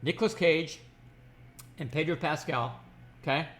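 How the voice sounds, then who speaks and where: A man reviews a movie in a loose, gushing way, tripping over restarts as he piles on praise. His voice sits a little high for a man. The talk is casual and unscripted. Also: measured pace, a bit bright. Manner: rambling, gushing, with frequent restarts and fillers.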